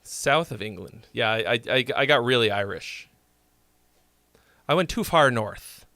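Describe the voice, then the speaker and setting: A man's voice: medium pitch, lively intonation, measured pace, creaky, bright, forceful tone, no echo. A man chatting casually on a live stream, swearing freely and joking as he rambles. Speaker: streamer and song critic.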